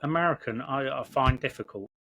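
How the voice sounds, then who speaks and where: A man's voice: medium pitch, a little fast, gravelly, a bit bright. A man co-hosting a podcast, hesitant and self-deprecating in casual chat. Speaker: podcast co-host.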